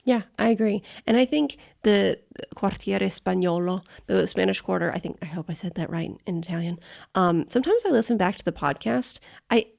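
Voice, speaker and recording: Heavily gravelly American woman. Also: medium pitch, fairly quick, a little mellow. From United States. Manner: chatty, laughs easily. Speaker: podcast co-host. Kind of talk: casual travel podcast chat.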